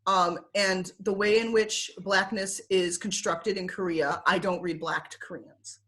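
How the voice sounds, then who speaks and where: A woman guest on a video call, chatting freely about her teaching days. Her voice sits at an ordinary middle pitch, and she talks in an animated way, packed with "like" and bursts of laughter. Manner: animated, filler-heavy with frequent "like" and quick laughs. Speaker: interview guest, former teacher. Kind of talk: casual conversational storytelling.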